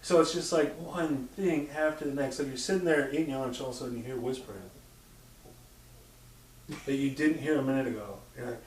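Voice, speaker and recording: A man's voice: medium pitch, brisk, a little hiss or hum. A man telling stories in casual chat. He swears freely and acts out sounds and quotes. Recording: roomy sound from a distant mic.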